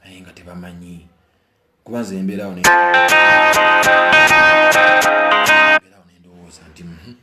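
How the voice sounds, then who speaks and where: A Ugandan man giving his opinion in a casual monologue, repeating phrases for emphasis and swinging between brooding low talk and heated outbursts. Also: fairly even intonation, brisk, warm tone, soft background music. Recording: echoey room.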